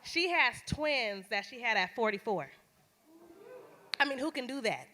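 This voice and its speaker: A woman's voice: on the high side, lively intonation, measured pace, noisy background. A woman host introducing the next comedian in a blunt, casual way on a small theater stage. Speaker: show host.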